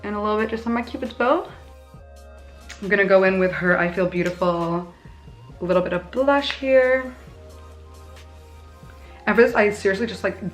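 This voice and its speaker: Young female beauty vlogger, chatty and self-deprecating, casual tutorial talk. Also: mid-range voice. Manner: chatty, bubbly, self-mocking asides.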